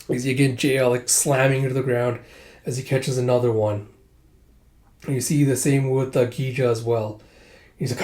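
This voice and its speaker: Man, casual manga read-through, mid-pitched voice, chatty recap. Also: flat delivery, darkish tone. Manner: quick recap that introduces quoted lines with "it's like". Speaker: manga reviewer.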